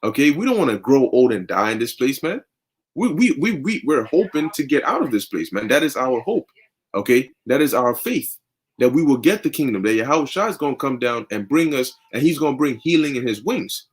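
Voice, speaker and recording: A man's voice: medium pitch, sing-song, brisk, husky. A young man teaching scripture in a fervent, conversational way, often tagging sentences with "man" and "okay". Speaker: preacher.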